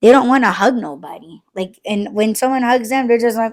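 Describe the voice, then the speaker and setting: Speaking a little high and a little fast, a woman hosts a podcast full of casual late-night chatter. She curses without restraint and plays out quoted conversations with lots of animation.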